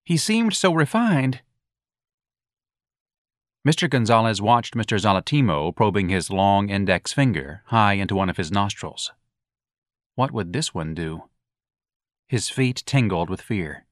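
Man narrating an audiobook with a wry, lively delivery. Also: lowish voice, normal speed, no echo, studio quality.

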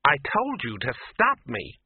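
A man's voice: mid-range voice, wildly swooping pitch, measured pace, breathy edge, no room sound, heavily acted. A man voicing a bewildered, frightened young woman who speaks uncertainly while trying to stay reasonable, in a storybook reading. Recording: tinny lo-fi dry audio.

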